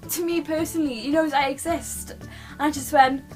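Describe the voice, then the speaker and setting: Young british girl vlogging at home, high voice, gushy rambly storytelling, faint music behind. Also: steady tone, normal speed. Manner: gushing, rambling, many restarts. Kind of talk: excited personal storytelling.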